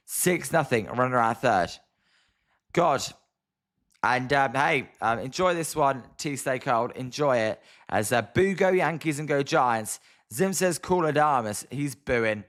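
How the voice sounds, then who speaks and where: Speaking slowly but animatedly in a mid-range, fairly bright voice, this British live-stream sports commentator runs a casual watch-along of a ball game. He's chatty and exasperated, reading out viewers' comments and replying to them.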